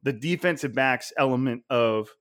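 A man co-hosting a sports podcast in casual chat, animated and emphatic, swearing freely. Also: mid-range voice, moderate pace.

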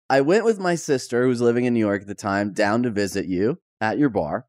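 A man with a mid-range voice hosts a podcast interview, talking in a conversational way. He gets animated as he recounts a shared story. The studio sound is close and dry. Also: medium pitch, a little fast, hardly any pauses, no echo. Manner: conversational, animated when retelling.

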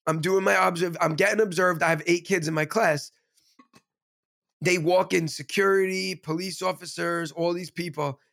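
A man telling a rambling, excited story in a casual podcast chat. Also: sits high, moderate pace, creaky. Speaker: podcast co-host, teacher.

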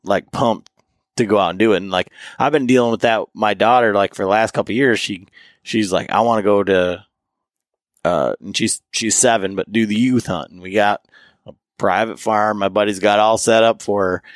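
A man's voice: fairly low pitch, fairly even intonation, moderate pace, dry recording, clean studio sound. A man co-hosting a podcast, chatting casually and acting out family conversations, with lots of "like.". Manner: chatty, acts out his daughter's lines, leans on "like". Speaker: podcast co-host.

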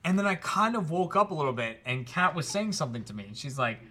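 A man telling a story in casual group chat on a podcast, animated and acting out the quoted lines. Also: a little high, fast talker. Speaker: podcast host.

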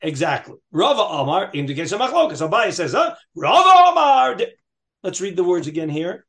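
A man leading a Talmud class reads Aramaic passages aloud in a lilting, singsong chant, then explains them, restarting often and putting questions to his students. His voice is on the high side, animated and brisk.

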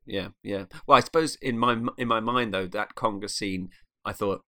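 A man's voice: fairly low pitch, moderate pace, bright, forceful tone. A man talking about a film, hesitant, with many restarts. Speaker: film reviewer. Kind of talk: casual film discussion.

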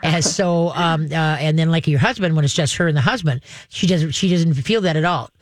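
A woman's voice: low-pitched, brisk. A woman working as a dog trainer and host, giving advice to callers in an emphatic, chatty way. She laughs often and keeps checking in with "okay?". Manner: laughs often while explaining. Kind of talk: call-in advice show.

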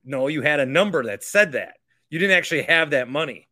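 A man's voice: a little high, expressive, a little fast, bright, forceful tone. A man hosting a podcast, rambling casually and mocking himself, with the odd swear. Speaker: podcast host.

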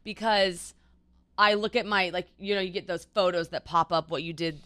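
A woman's voice: on the low side, fairly even intonation, normal speed, fairly bright tone. A young woman co-hosting a podcast, talking in an earnest, reflective way. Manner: earnest, reflective, many restarts. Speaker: podcast co-host. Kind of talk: casual chat.

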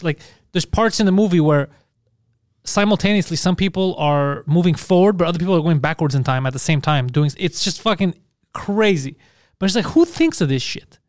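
A man in casual banter, cracking quick profane jokes and rambling about a movie. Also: fairly high pitch, clean tone, dry recording, clean studio sound. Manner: quick, joking, profane interjections.

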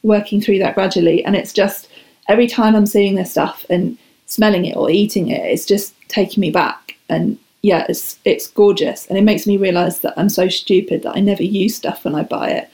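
A woman's voice: mid-range voice, steady tone, moderate pace, darkish tone. Woman guest on a chat podcast, enthusiastic and chatty, jokes at her own expense. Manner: enthusiastic, chatty, self-deprecating.

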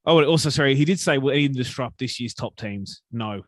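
A man's voice: medium pitch, lively intonation, fast, no echo. A man co-hosting a podcast, chatting in a laid-back way with lots of fillers. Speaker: podcast co-host. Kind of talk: casual chat.

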